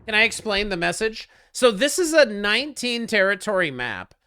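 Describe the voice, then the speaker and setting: Chatty streamer with a bright, crisp voice. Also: male voice, sits high, big pitch swings, moderate pace, no room sound. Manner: chatty, joking, answers chat, gets loud when frustrated. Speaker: game streamer. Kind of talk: casual strategy commentary.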